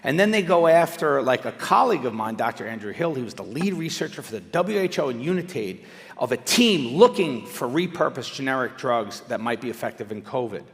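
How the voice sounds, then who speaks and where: Animated man speaking in a hall. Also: medium pitch, fairly quick, gravelly. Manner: animated, conversational, swings between loud emphatic and quiet asides. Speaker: speaker at a live event. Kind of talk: public speech. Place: large indoor venue. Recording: reverberant hall.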